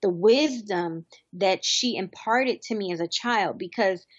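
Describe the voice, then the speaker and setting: A woman's voice: mid-range voice, unhurried, no room sound, highs cut off. A woman in her thirties, a guest in an interview, talking in a heartfelt, reminiscing way. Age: 30s. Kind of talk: interview conversation.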